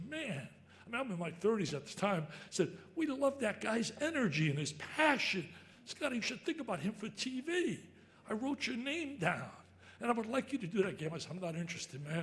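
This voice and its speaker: An older man tells stories in a speech. His voice sits high, and he talks in an excitable, emphatic way, often rising to a shout. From New Jersey. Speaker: sportscaster giving an induction speech. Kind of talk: storytelling speech.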